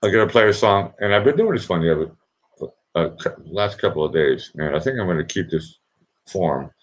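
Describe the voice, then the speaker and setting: A man's voice: low voice, lively intonation, a little fast. A man from Boston with a Boston accent, hosting his own livestream show in a casual, joking, rambling way full of fillers. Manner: chatty, joking, meandering with many fillers. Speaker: livestream host. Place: indoors in Vienna.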